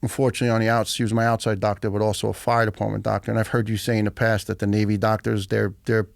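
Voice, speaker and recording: Gravelly blunt New man. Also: fairly low pitch, rapid-fire, dry recording, clean studio sound. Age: middle-aged. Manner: blunt, profane, animated storyteller. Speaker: guest, retired firefighter. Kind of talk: podcast storytelling.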